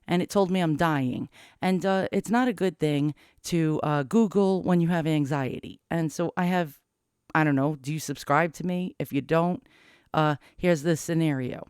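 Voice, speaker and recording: A middle-aged man rambling anxiously to camera in a casual confessional vlog, cursing often and cracking dark jokes. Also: on the high side, clean tone, no echo, clean studio sound. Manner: rambling, profane, darkly joking. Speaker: vlogger.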